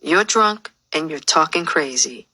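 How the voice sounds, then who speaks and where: A woman's voice: low voice, lively intonation, unhurried, pushed and bright, breathy edge, dry recording, full character voice. A woman voicing a stern, restrained grown man in an audiobook memoir, speaking curtly to shut the conversation down. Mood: cold, stern. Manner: curt, clipped, shutting the talk down.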